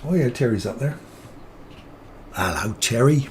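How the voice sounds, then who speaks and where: Man, live trading host, relaxed and jokey, mid-pitched voice, faint background noise. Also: a little slow. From England.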